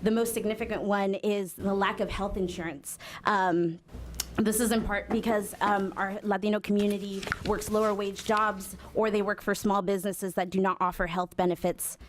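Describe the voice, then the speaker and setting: A woman's voice: medium pitch, fairly even intonation, normal speed, a little hiss or hum. A woman speaking for an advocacy group at a legislative hearing, earnest and dotted with ums. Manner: earnest, many filler ums. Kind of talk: public testimony at a hearing.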